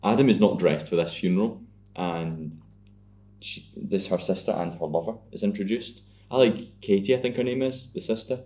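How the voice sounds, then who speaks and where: A man's voice: fairly low pitch, moderate pace. A young Scottish man co-hosting a podcast, bantering casually and swearing freely as he recaps a film. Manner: banterous, swearing, acts out scenes in put-on voices. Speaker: podcast co-host. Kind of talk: casual chat. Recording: dull lo-fi sound.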